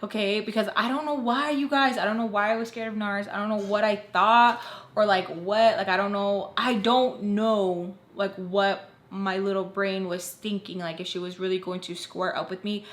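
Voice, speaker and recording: A woman's voice: mid-range voice, fairly even intonation, moderate pace, echoey room. A young woman casually telling a personal story to her viewers, full of fillers and acted-out quotes. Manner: chatty, heavy use of "like", acts out quoted voices.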